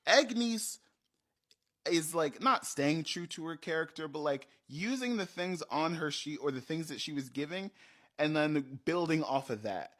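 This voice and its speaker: A man telling a casual story about running a tabletop game, animated and rambling, with quick restarts. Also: fairly high pitch.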